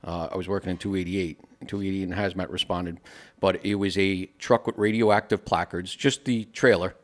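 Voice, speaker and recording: Low-voiced firefighter guy swapping stories on a podcast, lots of "you know", acts out the quotes. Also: fairly even intonation, normal speed. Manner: tells stories with quoted dialogue, many "you know" fillers. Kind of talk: casual interview storytelling.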